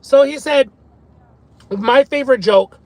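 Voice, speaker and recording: Brief: very high-pitched man, profane excitable live streamer eating in his car. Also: unhurried, vocal fry, no echo, rough recording. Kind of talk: casual live-stream chat while eating.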